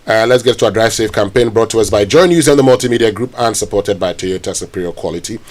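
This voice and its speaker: The speaker is a man with a Ghanaian accent and a fairly low voice who talks quickly. He's presenting a morning radio show, reviewing the newspapers by reading headlines aloud and chatting in a relaxed, conversational manner.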